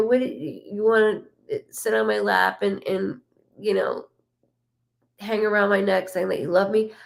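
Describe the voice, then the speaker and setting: A woman giving a live psychic reading, speaking softly with halting restarts and relaying a spirit's words in the first person. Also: medium pitch, gravelly. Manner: soft, halting, full of restarts. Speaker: psychic medium.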